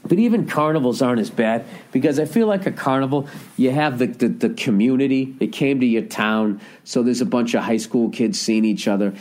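A man's voice: medium pitch, brisk, hardly any pauses, darkish tone. A middle-aged man hosting a podcast, riffing through a profane, comic monologue and often stopping to correct himself. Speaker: podcast host. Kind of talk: rambling comedic monologue.

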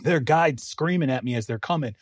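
A man co-hosting a sports podcast, telling a story in lively casual chat and laughing often. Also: mid-range voice, brisk, no echo, studio quality. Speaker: podcast co-host, NFL writer.

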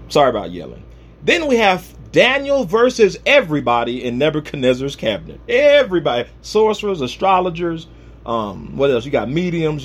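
A man preaching a humorous, conversational sermon, retelling Bible stories with comic asides. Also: medium pitch.

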